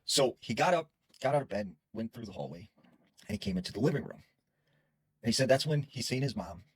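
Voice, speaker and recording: A man's voice: medium pitch, lively intonation, fairly quick, slightly rough, no echo, poor audio. A man casually telling a spooky story in a chatty way, dropping filler words as he goes. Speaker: horror storyteller.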